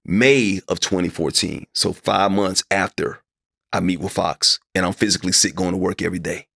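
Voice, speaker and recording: A man's voice: fairly even intonation, normal speed, gravelly, fairly bright tone, breathy edge, dry recording, studio quality. A middle-aged man, a broadcaster guest in an interview, telling a personal story with animation and acting out the dialogue in it. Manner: acts out his own past dialogue, voice climbing high when upset.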